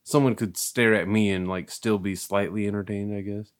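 A man with a fairly low voice trades crude jokes and anecdotes in a relaxed conversation among friends. His talk is loose, profane and teasing. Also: moderate pace. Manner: joking, crude banter. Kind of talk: casual chat.

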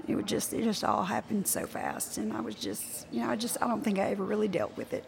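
A woman's voice: medium pitch, sing-song, fast, creaky, a little hiss or hum. A woman talking openly and emphatically about her anger in a candid conversation about grief, repeating her points. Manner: open, emphatic, repeats herself. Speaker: guest.

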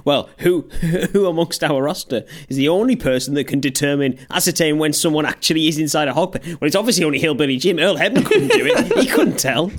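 Guy on a podcast, higher voice, bouncy and sarcastic, laughs a lot, swears. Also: sing-song, a little fast, hardly any pauses. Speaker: podcast co-host. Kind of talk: casual chat.

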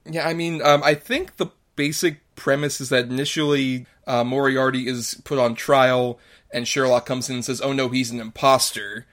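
A man in an easygoing podcast chat who picks apart a film with dry, wry remarks and plenty of ums and likes. His voice sits in an ordinary middle pitch, and his talk is loose and conversational. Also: fairly bright tone. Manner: wry, dry criticism with frequent fillers. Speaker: podcast co-host. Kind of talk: casual movie review chat.

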